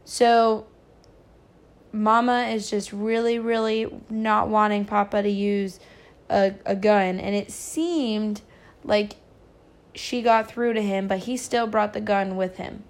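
A woman reading a novel chapter aloud, pausing for casual, chatty recaps with small stumbles. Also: medium pitch, fairly even intonation. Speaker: reader.

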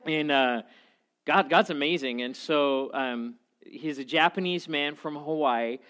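A pastor delivers a sermon in a chatty, animated storytelling way. His voice sits a little higher than most men's. He jokes and asides freely while preaching. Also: a little slow.

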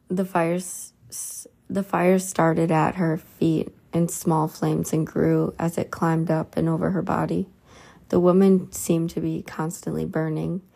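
A woman reading a religious book aloud slowly, with occasional stumbles and restarts. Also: sits low, vocal fry, mellow. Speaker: reader.

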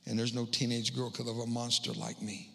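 A middle-aged man giving a humorous spoken testimony as a guest speaker in a church, landing quick self-mocking punchlines. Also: mid-range voice, level tone, gravelly, bright, forceful tone. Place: church hall. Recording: long hall reverb.

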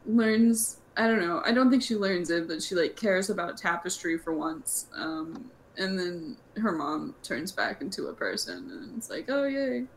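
A young woman hosting a casual podcast, talking in an animated, chatty way with lots of fillers. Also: fairly low pitch, unhurried, hardly any pauses, slight background noise. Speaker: podcast host.

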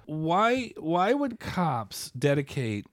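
A man co-hosting a podcast, chatting about a film and dropping wry, deadpan quips. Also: a little high, extremely slow, no room sound, clean studio sound. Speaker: podcast co-host. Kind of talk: casual film review chat.

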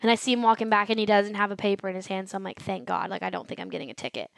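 A woman's voice: mid-range voice, very fast, vocal fry, no room sound, studio quality. A teenage girl, co-hosting a casual chat and telling stories full of acted-out quotes. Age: teens. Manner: storytelling with lots of "like" and acted-out quotes. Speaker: co-host.

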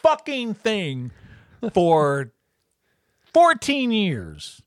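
A man's voice: high voice, huge pitch swings, drawn-out words, no room sound, clean studio sound. A man casually chatting as co-host, telling a story with lots of swearing and acted-out quotes. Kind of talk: casual chat.

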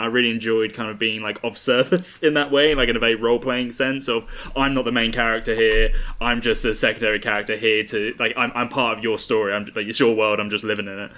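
A man's voice: medium pitch, sharp tone. A man with an English accent, a guest player talking through his thoughts in casual chat.

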